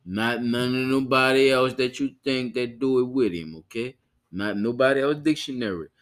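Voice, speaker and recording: A man's voice: mid-range voice, normal speed. A man hosting a podcast in loose, profane casual chat, often repeating himself to listeners. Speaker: podcast host.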